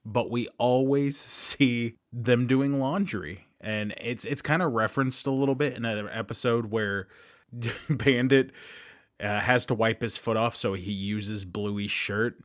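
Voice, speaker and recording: A man in his thirties talks through a casual commentary as the host of his show. His voice sits at a middle pitch, and his delivery is chatty, with frequent laughs and sudden bursts of emphasis. The recording is dry and close, with no room sound. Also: unhurried, no room sound.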